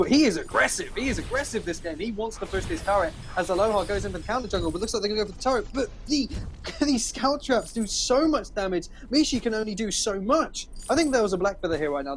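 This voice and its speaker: Excitable British esports caster. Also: male voice, sits high, fast talker, a little hiss or hum. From Britain. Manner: excitable, bursts into shouts at big plays. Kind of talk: live game commentary.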